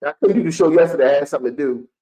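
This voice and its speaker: Young man, streaming fan-show host, heated repetitive rant, fairly high voice. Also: racing, dark tone, rough recording. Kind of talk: live-streamed fan sports commentary.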